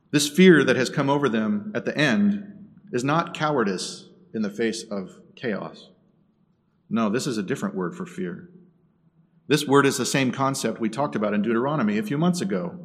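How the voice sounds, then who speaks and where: A man preaching a sermon, dropping to a hush and rising to loud bursts. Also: mid-range voice. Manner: dramatic swings between hushed and loud. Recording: echoey hall from a distance.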